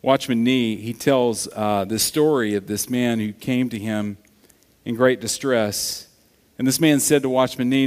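A man's voice: medium pitch, a little slow. Preaching man in a reverberant hall. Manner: animated storytelling, swinging from loud to hushed. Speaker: pastor. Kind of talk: sermon. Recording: long reverb of a large hall.

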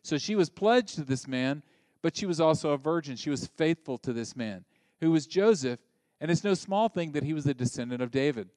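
Male preacher, casual and joking, punchy emphasis, slightly high pitch, dry recording. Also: expressive, brisk, no echo. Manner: conversational and joking, with sudden loud emphatic bursts. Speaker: pastor. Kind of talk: sermon.

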